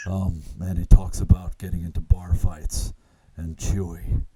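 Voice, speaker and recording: A man with a very low voice talks in a relaxed, descriptive way on a podcast. A faint hiss sits under the recording. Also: a little slow. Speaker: podcast co-host. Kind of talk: casual chat.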